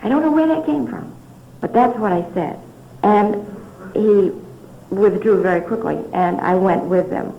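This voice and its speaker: A woman's voice: medium pitch, a little slow, slight background noise. An older woman speaking at a recovery meeting, telling her story candidly with little chuckles and asides. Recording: dull roomy 1970s hall recording.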